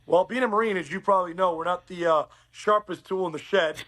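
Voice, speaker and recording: Guest: middle-aged man from Uruguay, high voice, rapid lively storyteller. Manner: animated, acts out quoted dialogue. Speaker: podcast guest. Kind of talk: casual storytelling interview.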